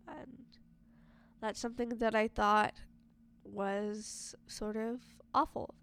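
A woman's voice: on the high side, slow pace, a bit bright, smooth. A young woman casually discussing a movie, chatty and full of filler words.

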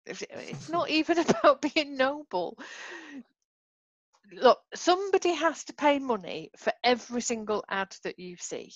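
A woman's voice: high voice, big pitch swings, a little slow, no room sound, lo-fi sound. A woman co-hosting a podcast who explains patiently in a casual chat and laughs often. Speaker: podcast co-host, marketing expert.

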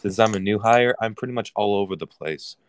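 A young man from Florida in casual chat, tired and relaxed, swearing freely. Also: fairly low pitch, a little fast, clean tone. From Florida, United States. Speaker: friend in group chat.

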